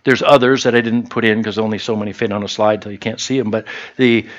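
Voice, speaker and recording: A man's voice: medium pitch, fairly bright tone, muffled recording. A man preaching a sermon to a small church in a conversational way, often stopping to restart and quoting short lines. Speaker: pastor.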